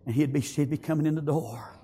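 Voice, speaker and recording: A man preaching an emotional funeral sermon in a church, repeating himself and halting, then swelling into tearful, emphatic exclamations. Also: a little high, warm tone, slightly rough. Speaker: pastor at a memorial service. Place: church sanctuary.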